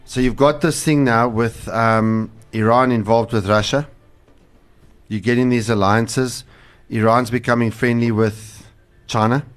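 A man's voice: mid-range voice, fairly even intonation, unhurried. A man, a pastor co-hosting a casual religious talk show, earnest and rambling with fillers. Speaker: pastor and co-host.

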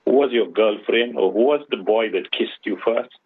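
Brief: male radio host, husky and dry, phone-line sound, preachy rhetorical questions. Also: lowish voice, normal speed, dry recording. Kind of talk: radio Islamic advice talk.

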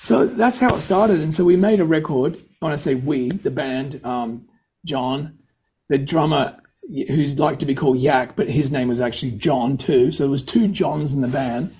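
A man's voice: fairly high pitch, normal speed, darkish tone, husky, poor audio. A middle-aged man and singer-songwriter telling rambling anecdotes in a casual interview, often correcting himself and acting out quoted dialogue. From United States.

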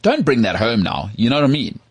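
A man with a South African accent, hosting a casual podcast chat in an animated, rhetorical way and often asking if he is understood. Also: mid-range voice, fast, husky, no room sound. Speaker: podcast host.

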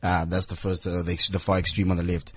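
A man, a guest in a radio studio, chatting and telling a quick anecdote. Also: low voice, level tone, a bit bright, a little hiss or hum. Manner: chatty storyteller. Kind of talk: casual radio banter.

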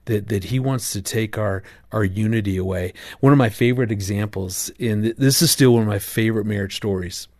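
A middle-aged man telling a story in a casual interview, earnest and animated, often restarting his sentences. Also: on the low side, fairly quick, hardly any pauses, no room sound, clean studio sound. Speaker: guest, marriage author.

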